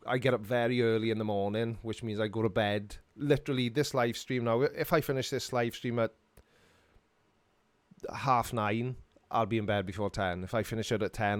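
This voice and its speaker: A man's voice: lowish voice, no room sound. A middle-aged Welsh man hosting a casual live stream, rambling and joking while answering chat questions from his home studio. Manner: rambling and jokey, laughs often.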